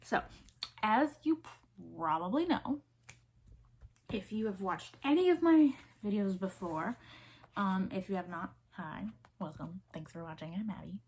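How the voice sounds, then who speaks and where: A woman's voice: medium pitch, lively intonation, unhurried, a little mellow, slightly rough. Chatty Southern woman in her twenties. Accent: Southern American. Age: 20s. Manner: chatty, rambling, many fillers and restarts. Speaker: vlogger. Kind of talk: casual chat.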